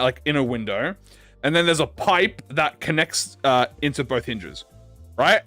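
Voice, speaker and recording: High-pitched man, very animated, excitable sweary story-time chat, dry close sound, faint music behind. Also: dry recording. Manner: excitable, heavy swearing, restarts mid-sentence. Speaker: gaming YouTuber.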